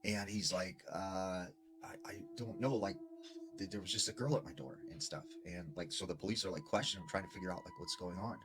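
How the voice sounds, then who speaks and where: Guy telling a spooky story, lots of "like", swings up and down a lot, low voice. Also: huge pitch swings. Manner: casual, filler-heavy, dramatic pauses. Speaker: storyteller in a TikTok clip. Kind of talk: retelling a creepy story.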